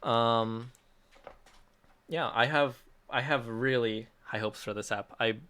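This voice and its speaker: A man's voice: medium pitch, fairly even intonation, slow, bright, forceful tone, smooth. A man hosting a casual livestream Q&A, reading out chat questions and answering them in an upbeat, chatty way with frequent laughs and restarts. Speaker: app developer hosting a release livestream.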